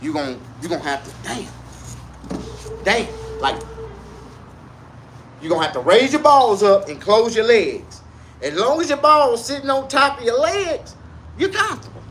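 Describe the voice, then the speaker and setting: Guy going off on a crude comic rant, high bright voice, bit of hiss behind. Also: normal speed, pauses often. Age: 40s. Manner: loud, crude, animated street slang. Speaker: vlogger. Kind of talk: casual comedic rant to camera.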